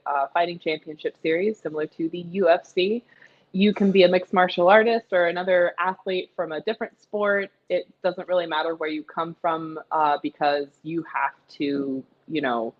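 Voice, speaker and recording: Energetic woman guest, lo-fi audio. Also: lowish voice. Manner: energetic, animated storytelling with acted-out quotes. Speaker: guest, pillow fighter. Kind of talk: casual podcast interview.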